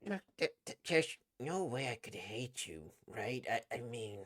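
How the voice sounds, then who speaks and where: A woman's voice: a bass voice, very animated, unhurried, voice pushed down, full character voice. A woman voicing a cool, aloof teenage girl rival who speaks in a cold, clipped way while reading a comic aloud. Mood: flustered.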